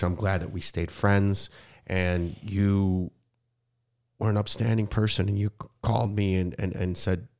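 Male podcast host, deep and gravelly, emotional and rambling. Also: flat delivery, a little slow, a little mellow. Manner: emotional, rambling with frequent restarts. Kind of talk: heartfelt conversational interview.

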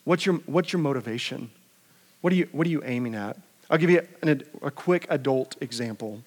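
A pastor preaching a conversational sermon, asking rhetorical questions and often repeating words. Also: male voice, medium pitch, fairly quick, slightly rough.

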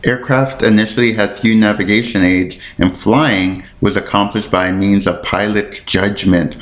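A man's voice: on the low side, fairly even intonation, unhurried, roomy sound. A man hosting a podcast on his own, rambling and thinking aloud as he looks things up, tripping over words and apologizing for it. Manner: self-deprecating, stumbles over words. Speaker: podcast host. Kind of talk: casual solo podcast talk.

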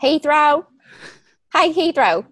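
A woman voicing a loud Southern hick woman, drawling and hollering a name across a yard. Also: sits high, lively intonation, slow pace, pitched above the performer's own voice, heavily acted. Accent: American Southern.

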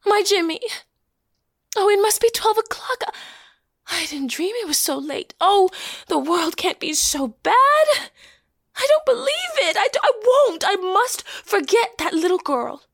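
A woman's voice: extremely high pitch, expressive, measured pace, dry recording, clean studio sound, exaggerated voice. A woman voicing a tender young woman who cares for a small boy, emotional and at times whispering, in an audio play reading. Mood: yearning.

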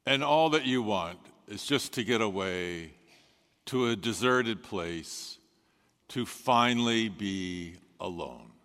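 A man preaching a sermon as a pastor, telling the story in a measured way with dramatic pauses. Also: fairly low pitch, animated, a bit bright. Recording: long reverb of a large hall.

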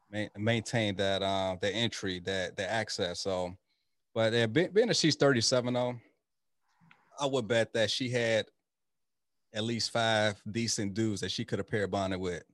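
A man's voice: fairly low pitch, no room sound, studio quality. A man hosting a casual podcast chat, talking loosely and rambling with many restarts and fillers. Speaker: podcast host.

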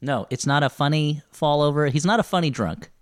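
A man's voice: a little high, fairly quick, no echo, clean studio sound. A man co-hosting a podcast, discussing a TV series in casual chat and thinking aloud. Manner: thinks aloud, trails off and restarts. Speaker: podcast co-host.

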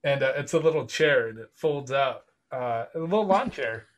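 A young man narrates as game master in a relaxed, conversational way. He laughs often and slips into quick voices for the figures. His voice sits in the middle range. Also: medium pitch. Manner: casual and laughing, acting out the figures in quick bits.

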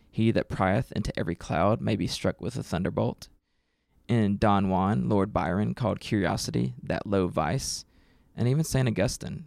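A man hosting a show, narrating a scripted segment in a wry, measured way. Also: fairly low pitch, gravelly, a little mellow, no echo. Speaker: podcast host.

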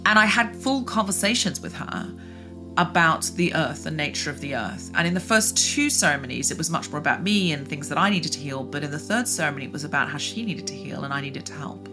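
A woman podcast host telling a personal story in earnest, halting chat. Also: low voice, expressive, music in the background. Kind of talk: casual chat.

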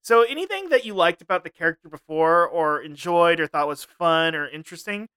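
Podcast guy, slightly high voice, dry close mic, laughs a lot, mock-serious rants. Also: lively intonation, a little fast, pushed and bright, clean tone, no room sound. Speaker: podcast co-host. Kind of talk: casual comedy chat.

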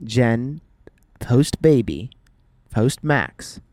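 A man's voice: medium pitch, very animated, drawn-out words, a little mellow, no room sound. A man co-hosting a casual podcast, talking in a joking, slangy, playful way. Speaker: podcast co-host. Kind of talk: casual chat.

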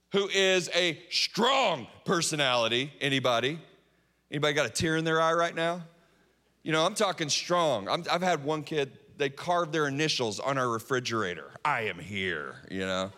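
A man preaching a sermon, telling stories, sometimes dropping to a hush and then rising to strong emphasis. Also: a little high, animated, moderate pace. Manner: storytelling, swings between hushed and emphatic. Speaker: pastor. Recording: long hall reverb.

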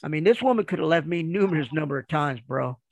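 A man telling a rambling, animated story in casual conversation, acting out the dialogue as he goes. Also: on the high side, fast talker, no room sound. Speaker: guest storyteller.

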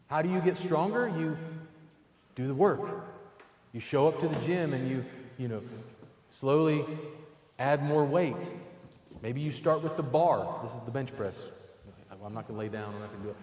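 A man delivers a sermon with a conversational, emphatic preaching manner, dropping casual asides as he goes. His voice sits a little on the higher side. The sound rings out in a roomy hall with a long reverb tail. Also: normal speed, darkish tone. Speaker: pastor.

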